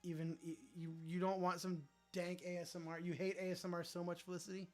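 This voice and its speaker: A man's voice: sits high, level tone, fairly quick, faint music behind. A man hosting a casual livestream, joking around and answering viewer chat aloud, with some swearing. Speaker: livestream host.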